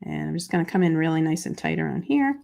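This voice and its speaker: A woman's voice: low-pitched, expressive, fast talker, gravelly, a little mellow. A chatty, bubbly woman hosting a live-streamed papercraft demo, answering viewer comments as she works and joking about herself. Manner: chatty, bubbly, self-deprecating, reads viewer comments aloud. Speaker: craft show host.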